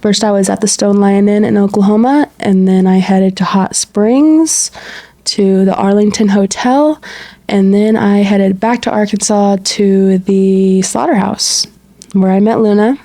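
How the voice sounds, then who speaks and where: A woman's voice: medium pitch, unhurried. A woman co-hosting a podcast, casually telling a story and acting out quoted dialogue, full of "like" fillers. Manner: animated retelling with quoted dialogue and frequent "like". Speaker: podcast co-host.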